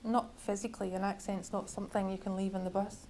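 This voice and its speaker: Woman author, measured bookshop reading, level even delivery. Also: medium pitch, a little hiss or hum, poor audio. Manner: measured, literary reading with wry asides. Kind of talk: reading from her novel.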